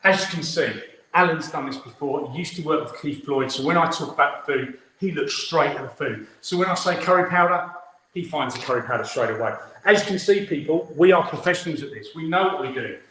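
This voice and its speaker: Upbeat fifty-year-old chef in an echoey kitchen. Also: male voice, on the high side, a little fast, a bit bright. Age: 50s. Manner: chatty, upbeat, instructive. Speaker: head chef hosting a cookalong. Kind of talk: live cooking demonstration. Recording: echoey room with faint noise.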